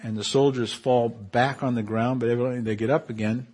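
Delivering a sermon at a brisk pace, this medium-pitched preacher is animated, circling back over repeated and restarted phrases before climbing to loud, forceful high points.

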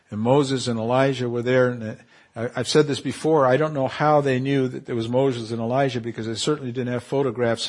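A man preaching a sermon in an animated way, often repeating and restarting phrases and building to loud, emphatic peaks. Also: mid-range voice.

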